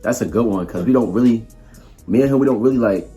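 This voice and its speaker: A young man, a podcast co-host, telling stories in fast, animated slang. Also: lowish voice, soft background music. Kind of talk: casual storytelling chat.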